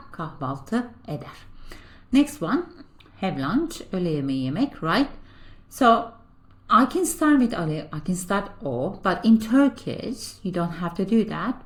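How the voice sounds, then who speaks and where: A woman teaching a beginner language lesson. She explains patiently, step by step, with a steady run of "so" and "right?", and slows down to model each phrase. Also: low-pitched.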